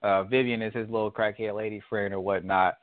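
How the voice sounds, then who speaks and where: A man telling a rambling story in a relaxed, casual chat. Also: fairly low pitch, fairly quick, dry recording. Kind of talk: casual chat about a movie. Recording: dry tinny phone line.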